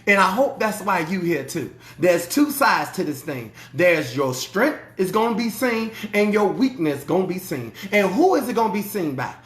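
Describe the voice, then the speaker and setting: An emphatic life-coach preacher delivering a motivational sermon in plain street talk, hammering the same refrains again and again. The pitch swings widely and animatedly. The voice rings in a roomy, echoing space. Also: big pitch swings, normal speed, few pauses. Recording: roomy echo.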